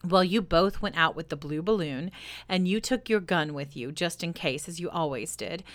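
A woman reading a children's story aloud in a soft, gentle storytelling voice, addressing the listener. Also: on the low side, moderate pace.

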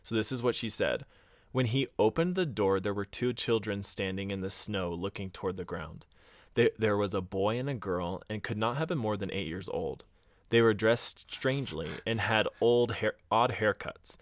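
A man's voice: fairly low pitch, moderate pace, dry recording. Man retelling a spooky story. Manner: retells a scary story, acting out quotes, laughing, swearing. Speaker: podcast co-host. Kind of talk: casual storytelling chat.

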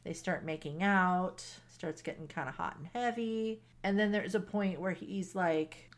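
A woman co-hosting a casual podcast, retelling a romance novel's plot in an animated way and acting out the characters' lines. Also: lowish voice, measured pace, few pauses. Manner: animated retelling, quoting characters, laughs often. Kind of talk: casual chat.

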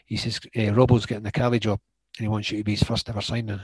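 A middle-aged Scottish man, a former footballer, telling stories in a lively way, acting out what others said and laughing along. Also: on the low side, very fast, slightly rough, no room sound. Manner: animated, acts out quoted dialogue, laughs often. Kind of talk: storytelling anecdotes in conversation.

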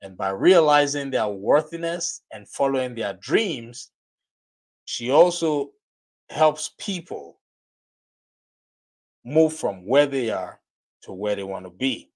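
A man's voice: mid-range voice, lively intonation, slow pace, pauses often. A man with a Nigerian accent hosts a motivational show with a mid-range voice. He talks with enthusiasm and builds up introductions the way a preacher would. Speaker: podcast host. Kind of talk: motivational podcast talk.

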